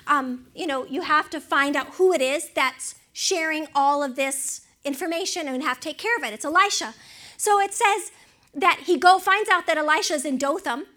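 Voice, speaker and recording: Bright high-voiced woman preaching. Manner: animated storytelling, acts out voices, asks audience questions. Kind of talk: sermon.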